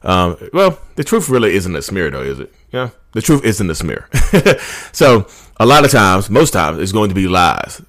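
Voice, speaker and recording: A man's voice: deep voice, sing-song, normal speed, a bit bright, dry recording, clean studio sound. A man in his thirties talking casually to his viewers, rambling and calling them "y'all", with passionate ranting bursts. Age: 30s. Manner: chatty and rambling, often addresses viewers as "y'all". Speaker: YouTube channel host. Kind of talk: casual talk to camera.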